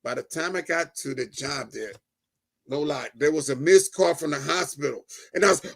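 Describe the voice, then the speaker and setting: A middle-aged man giving a personal testimony as a guest, telling it in an animated way, acting out the dialogue and often checking in with "right?". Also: a little high, brisk, gravelly. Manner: animated storyteller, keeps adding "right?"; acts out quoted dialogue.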